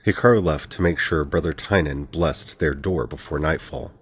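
A man narrating a fantasy audiobook in an even, steady reading. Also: extremely low pitch, moderate pace, slightly rough.

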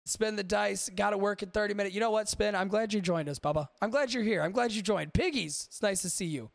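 Gravelly high-voiced swearing podcast host. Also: male voice, fast talker, dry recording. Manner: rambling, swears freely, talks to live chat. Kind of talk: casual profane chat.

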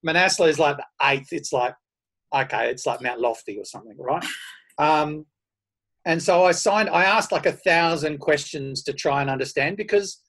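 A man, telling his running stories in a casual, self-deprecating and animated way. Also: on the high side. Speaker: podcast guest, runner. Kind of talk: casual storytelling.

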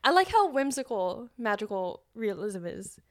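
A woman's voice: medium pitch, sing-song, normal speed. A woman co-hosting a podcast, chatting casually about books and laughing often mid-sentence. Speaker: podcast co-host. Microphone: podcast mic.

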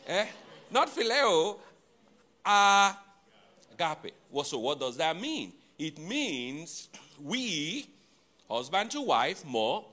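A man preaching a sermon to his congregation, teaching deliberately, repeating and spelling out key words, with playful asides to the listeners. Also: fairly high pitch, fairly bright tone. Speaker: pastor.

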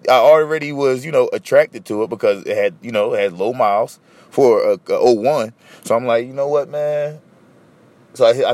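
A man's voice: medium pitch, dry recording. A man hosting a podcast, telling a story casually and profanely, acting out both sides of the conversations. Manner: animated, profane retelling with acted-out dialogue. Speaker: podcast host.

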